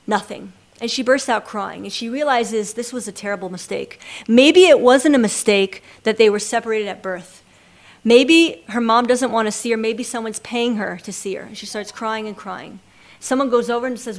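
Woman Torah teacher, somewhat high voice, religious class talk, acts out quoted lines as she tells stories. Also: normal speed. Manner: expressive storyteller who acts out quoted lines.

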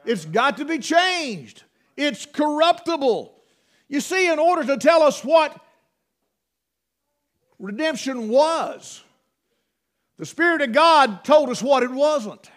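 A man's voice: extremely high pitch, animated, slow pace, long pauses, a bit bright. A man preaching a sermon, telling folksy rural stories in dialect.

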